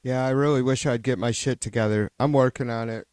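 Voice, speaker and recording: A man hosts a livestream of casual, unscripted chat, rambling and swearing often, with many restarts and sentences that trail off. His medium-pitched voice is brisk, a little mellow and fairly even in intonation. The recording is clean, dry and studio quality.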